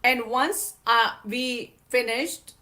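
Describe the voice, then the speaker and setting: Slow, bright-voiced woman telling her story. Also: fairly high pitch. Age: adult mother of a young child. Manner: earnest, emphatic, repeats phrases. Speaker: guest speaker. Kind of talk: personal storytelling talk.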